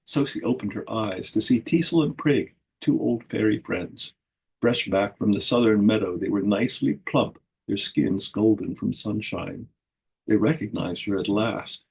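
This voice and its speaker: A man's voice: on the low side, a little slow, creaky, darkish tone, slightly rough, low-quality recording. A man reading a whimsical fairy story aloud at a book launch, giving the characters their own voices.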